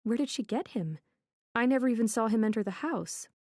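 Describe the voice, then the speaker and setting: A woman's voice: on the high side, lively intonation, brisk, a little mellow, no echo, clean studio sound. A woman reading a first-person thriller audiobook with a wry, anxious inner voice. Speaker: audiobook narrator. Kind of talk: scripted first-person narration.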